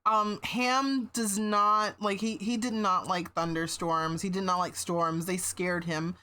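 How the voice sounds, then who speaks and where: A woman's voice: medium pitch, level tone, takes it slowly, sharp tone. A woman streamer in casual livestream chat, meandering with many fillers and restarts, swearing now and then.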